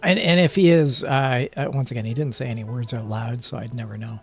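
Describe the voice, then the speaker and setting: A man chatting casually on a relaxed stream, rambling and joking at his own expense. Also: mid-range voice, a little fast, soft background music. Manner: rambling, playful, self-mocking.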